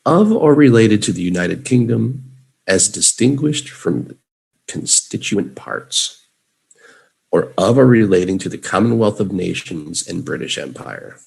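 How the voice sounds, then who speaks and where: A man's voice: on the low side, lively intonation, unhurried, vocal fry, darkish tone, husky. A man from Chicago with a Chicago accent, teaching English vocabulary in a live lesson and having students repeat words after him. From Chicago, United States.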